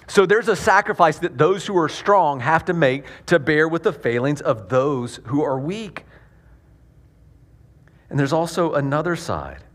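Guy preaching casual-style, voice a bit on the high side, keeps restarting words. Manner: conversational, repeats words, acts out quick quoted voices. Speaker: pastor. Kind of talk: sermon.

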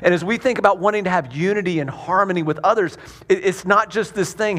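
Male pastor, slightly higher voice, chatty sermon delivery with stumbling repeats. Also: expressive, a bit bright, slightly rough. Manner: conversational, repeats words, acts out quick quoted voices.

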